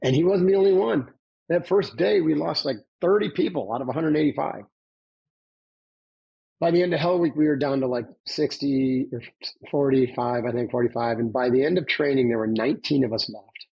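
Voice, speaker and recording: A man's voice: medium pitch, fairly quick, vocal fry, husky, lo-fi sound. A man speaking as a podcast guest, a former Navy SEAL, telling his story in an emphatic coaching tone and often checking in with "right?". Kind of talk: conversational storytelling.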